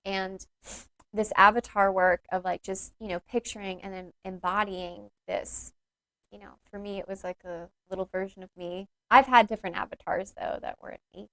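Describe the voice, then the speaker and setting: A woman's voice: mid-range voice, steady tone, normal speed, fairly bright tone, no room sound. A woman hosting her own podcast as a yoga teacher, talking in an earnest, intimate and rambling way with many fillers. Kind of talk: reflective solo podcast talk.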